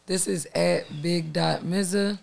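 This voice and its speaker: A gravelly, tired-sounding woman hosts a podcast, rambling loosely and cursing as she talks. Her voice has a sleepy, husky-edged fry. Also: lowish voice, fairly even intonation, unhurried, a little mellow. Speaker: podcast host. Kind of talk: casual podcast chat.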